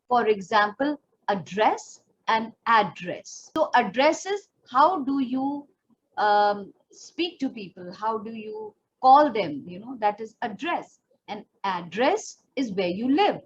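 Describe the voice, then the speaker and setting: A woman's voice: on the high side, highs cut off, slight background noise. A woman with an Indian English accent giving a patient, explanatory coaching lesson, now and then slipping into Hindi phrases. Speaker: pageant trainer.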